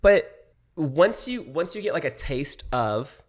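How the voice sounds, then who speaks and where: A man's voice: fairly high pitch, big pitch swings, takes it slowly. A young man, a podcast guest, talking casually and animatedly, swearing freely and acting out what his friends said. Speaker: podcast guest, social media creator. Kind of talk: casual chat.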